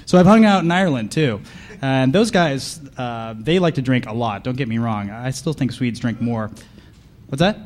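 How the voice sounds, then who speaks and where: A man's voice: medium pitch, moderate pace. Sarcastic man joking at a conference. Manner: sarcastic, deadpan jokes with audience asides. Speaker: conference speaker. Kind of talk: comedic conference talk. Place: conference hall with audience.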